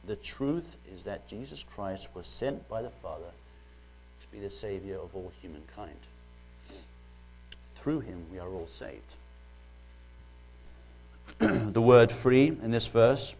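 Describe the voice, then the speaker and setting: A man's voice: fairly low pitch, expressive, a little slow, pauses often, darkish tone, slight background noise. A man with a British accent preaching a sermon, first joking lightly, then reading Bible verses and explaining them earnestly.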